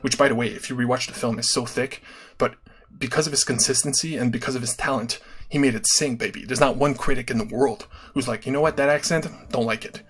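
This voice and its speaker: A man's voice: mid-range voice, steady tone, brisk, husky. A man hosting a livestream in a casual, earnest monologue, often checking in with his listeners with "right?" and "okay?". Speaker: livestream host.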